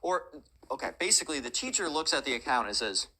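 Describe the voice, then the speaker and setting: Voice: medium pitch, sing-song, fast, sharp tone, husky, low-quality recording. A storytime YouTuber telling a story in a rambling, self-correcting way. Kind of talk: storytime narration with ad reads.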